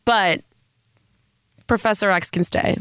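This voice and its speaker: A woman's voice: mid-range voice, takes it slowly, a bit bright, clear, resonant tone, no echo, studio quality. A young woman from San Diego hosting a casual solo podcast, with a Valley girl-sounding voice, rambling and self-deprecating. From San Diego, California. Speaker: podcast host.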